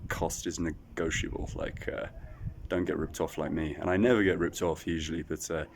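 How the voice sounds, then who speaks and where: A man's voice: very deep voice, little pitch movement, moderate pace, vocal fry, a little hiss or hum. A man casually vlogging about his travels, rambling with fillers and self-deprecating asides. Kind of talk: casual travel vlog talk to camera. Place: echoey outdoor site.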